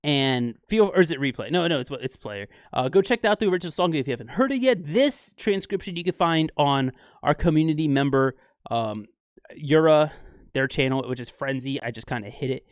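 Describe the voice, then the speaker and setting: A man hosting a casual music breakdown, excitably scatting rhythms aloud as he explains them. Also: on the high side, fairly quick, no echo, studio quality. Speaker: music reaction host.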